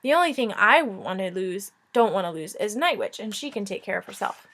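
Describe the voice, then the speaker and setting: A woman's voice: medium pitch, big pitch swings, a little fast, a bit bright. A woman playing Shiera, an impatient young princess. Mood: arguing.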